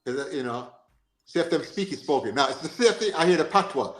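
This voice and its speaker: A man's voice: on the high side, fast talker, echoey room. A man with a Jamaican accent hosting a casual football chat, talking animatedly and often checking in with "you understand?". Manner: animated, repeats himself, asks "you understand?". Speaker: podcast host.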